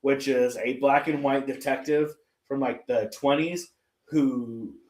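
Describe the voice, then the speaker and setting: A man's voice: mid-range voice, steady tone, slow, a little mellow. Profane, rambling man in an echoey room. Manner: profane, rambling storyteller, acts out quotes. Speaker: podcast co-host. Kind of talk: casual chat. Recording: roomy echo.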